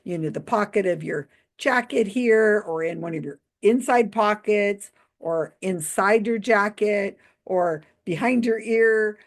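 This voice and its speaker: Woman commentator, middle pitch, chatty and amused, laughs a lot. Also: measured pace, hardly any pauses. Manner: amused, laughs often while retelling. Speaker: YouTube commentator; mentalist. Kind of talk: casual commentary monologue.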